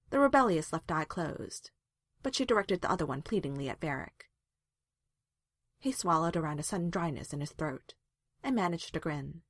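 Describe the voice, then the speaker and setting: Woman reading a story out loud, deep voice, dry close sound. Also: lively intonation, normal speed, dry recording. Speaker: reader. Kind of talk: storybook narration.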